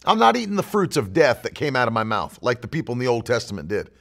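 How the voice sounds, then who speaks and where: A man's voice: mid-range voice, sing-song, quick pace, vocal fry, fairly bright tone. A man preaching a sermon as pastor, emphatic and driving his points home with repeated declarations.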